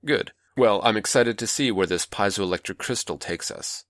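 A man playing a manipulative older male mentor, calm, patronizing and coaxing, in a dry close recording. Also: lowish voice, normal speed, no room sound, natural voice.

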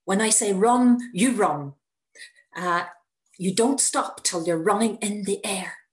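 A woman voicing a calm male paragliding instructor with a French accent, giving clipped instructions in a lowered voice. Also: slow, close to an everyday voice. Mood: instructing.

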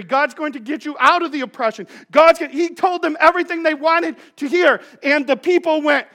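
A man's voice: extremely high pitch, fairly quick, fairly bright tone. A male pastor giving a sermon in a conversational, joking way, telling playful stories to his congregation.

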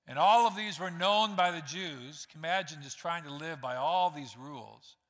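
A male pastor delivers a conversational sermon, speaking straight to his congregation and acting out the lines he quotes. His voice is bright and forceful. It rings with the long reverb of a church hall. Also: on the high side, moderate pace. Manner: conversational preaching, acts out quotes, addresses congregation directly. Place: church sanctuary.

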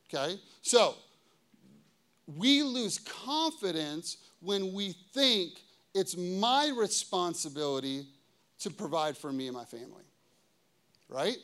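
Guy pastor with a pretty high voice, chatty sermon, keeps asking okay? right?. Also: sing-song, slow, a bit bright. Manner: conversational preaching, frequent "okay?" and "right?" check-ins.

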